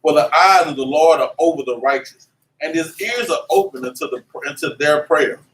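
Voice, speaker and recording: Animated preacher man, echoey room. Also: on the high side, moderate pace. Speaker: class teacher. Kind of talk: religious class teaching. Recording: echoey room, mic at a distance, faint noise.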